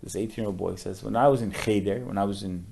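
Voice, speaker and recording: Low-voiced rabbi telling a moving story. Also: male voice, steady tone, quick pace, creaky, a little mellow, slightly rough. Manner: emotional storyteller with frequent "like" fillers. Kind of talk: podcast storytelling.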